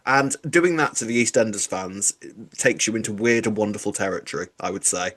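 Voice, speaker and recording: A man's voice: fairly low pitch, fairly quick, fairly bright tone. A man co-hosting a casual podcast, chatting with wry, dry humour. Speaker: podcast co-host. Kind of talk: casual chat.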